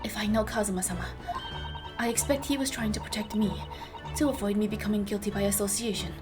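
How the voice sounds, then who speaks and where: A woman's voice: mid-range voice, fairly even intonation, quick pace, music in the background, natural voice. A woman voicing a composed, polite young female assistant while reading game dialogue, with a firm, questioning manner.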